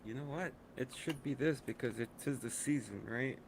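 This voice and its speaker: A man's voice: mid-range voice, moderate pace, background noise. A middle-aged man co-hosting a casual podcast chat, swearing a lot and ranting with frequent laughs. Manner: profane, ranting, laughs often. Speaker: podcast co-host.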